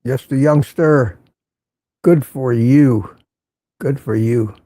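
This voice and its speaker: A man's voice: mid-range voice, takes it slowly, dark tone, no echo. An older man hosting a casual morning livestream, greeting viewers by name and rambling sarcastically. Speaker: livestream host.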